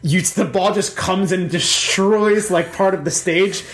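A man's voice: high-pitched, unhurried, fairly bright tone. A man running a tabletop game as dungeon master, narrating the scene in a loose, rambling way full of fillers and restarts.

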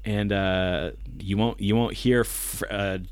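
A man's voice: fairly low pitch, steady tone, slow, clear, resonant tone, no room sound. A man co-hosting a podcast in casual chat, joking and laughing often. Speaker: podcast co-host.

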